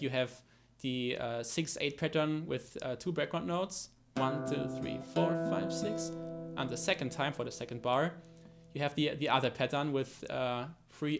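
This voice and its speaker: Male guitar teacher, mid-pitched, halting explanatory delivery, loud guitar playing behind him. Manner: explains with many fillers and restarts, counts beats aloud. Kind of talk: guitar tutorial.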